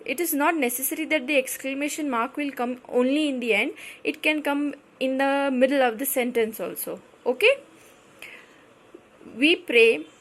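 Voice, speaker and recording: A woman with an Indian English accent teaching a grammar lesson, explaining patiently and repeating herself often. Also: sits high. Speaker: school teacher.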